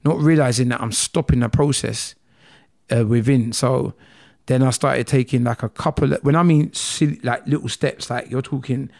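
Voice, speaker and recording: Gravelly London man telling his story. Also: mid-range voice, normal speed. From England. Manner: animated, acts out dialogue with rising voice. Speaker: guest. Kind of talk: emotional personal storytelling.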